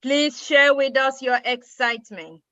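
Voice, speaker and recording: Slow, formal woman moderator. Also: high voice, sharp tone, no room sound, lo-fi sound. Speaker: call moderator. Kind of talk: moderating an online call.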